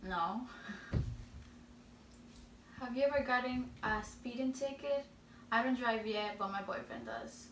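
Slow, giggly young woman with a Spanish accent. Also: on the high side, fairly bright tone. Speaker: vlogger answering questions. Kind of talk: casual Q&A chat. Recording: roomy echo, distant mic, faint noise.

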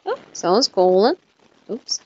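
A woman's voice: mid-range voice, big pitch swings, measured pace, dark tone, breathy edge, no echo, highs cut off. A young woman live streaming a game, chatting casually with viewers, tired and yawning as she talks. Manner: chatty, greets viewers, yawns and laughs often.

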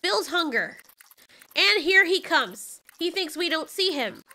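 A woman giving excitable let's play commentary, reacting loudly and swearing when startled. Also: very high-pitched, takes it slowly. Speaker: gaming channel host.

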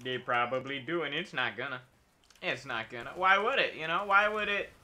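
Bright-voiced goofy male streamer. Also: medium pitch, lively intonation, moderate pace. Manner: silly, rambling, talks to himself and enemies, nonsense noises. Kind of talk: casual gameplay commentary.

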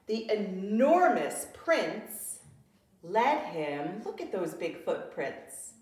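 A preschool teacher, a woman, reading a picture book aloud to young children, slow and expressive with gasps and questions to her listeners. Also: medium pitch. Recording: very echoey room, distant mic.

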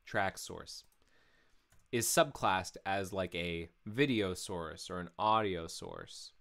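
A man's voice: low-pitched, a bit bright. A man talking through code on a live stream, explaining step by step in a casual way and correcting himself as he goes, into a mic with a pop filter. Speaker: programmer streaming his work. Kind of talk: live coding stream, thinking aloud. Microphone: studio mic with pop filter.

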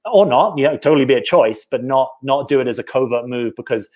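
A man's voice: mid-range voice, quick pace, darkish tone. A British man, a dating coach, talking casually on a live stream, answering viewer questions in a reflective way and often adding "right?". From Britain.

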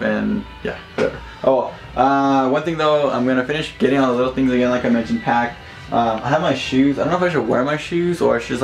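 A young man chats through his day in a loose, easygoing ramble, his throat a little rough. His voice has a gravelly edge at an ordinary middle pitch. It is caught on a handheld camera in a roomy space with a faint hiss behind it. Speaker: vlogger. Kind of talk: casual vlog narration. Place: car, then at home indoors.

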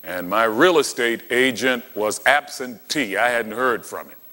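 Male preacher, animated storyteller who acts out dialogue, bright voice, long hall reverb. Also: mid-range voice, measured pace. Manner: dramatic storytelling, acting out dialogue. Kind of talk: sermon.

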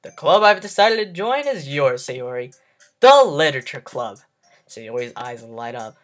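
A man reading a game's text aloud as its player, breaking off with expressive emotional reactions. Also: on the high side, unhurried, soft background music. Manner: expressive, reacting with emotional outbursts between read lines. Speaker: let's play host. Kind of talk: reading and reacting during a game playthrough.

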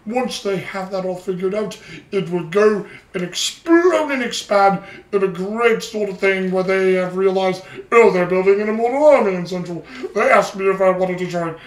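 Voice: mid-range voice, normal speed. An anime review host chatting through an episode recap in a rambling way, playing with a put-on British cockney voice. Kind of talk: casual solo episode review. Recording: roomy echo, distant from the mic.

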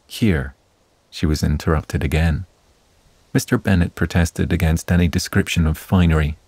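A man narrating a classic novel as a soothing bedtime story, in a calm, measured reading. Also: low voice, breathy edge, no echo.

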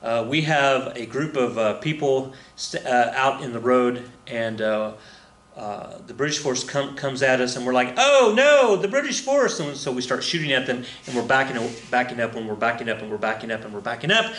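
A man's voice: medium pitch, steady tone, moderate pace, fairly bright tone. A man teaching a history lesson in a casual, rambling way, with lots of fillers, restarts and chuckles. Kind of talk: casual recorded lecture. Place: room with a flag on the wall. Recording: echoey room.

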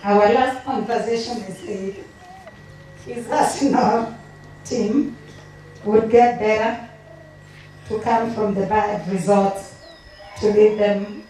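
A woman's voice: mid-range voice, steady tone, mellow. Tearful woman in echoey hall. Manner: emotional, halting delivery. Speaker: family member giving a eulogy. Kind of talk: reading tributes at a memorial service. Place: memorial gathering in a large hall. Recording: echoey hall from far off, faint noise.

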